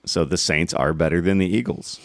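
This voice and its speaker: A man with a deep, low voice co-hosts a relaxed sports podcast. He jokes around and talks through numbers as he looks them up. The sound is close and dry. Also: brisk, vocal fry, no room sound. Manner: joking, talks through stats aloud. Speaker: podcast co-host. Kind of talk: casual sports chat.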